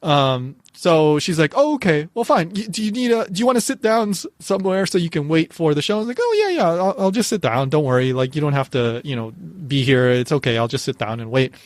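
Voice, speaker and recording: Animated man telling a story in a dry room. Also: on the high side, brisk, hardly any pauses, no echo. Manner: animated, laughs often, many restarts. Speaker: podcast host. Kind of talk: casual storytelling.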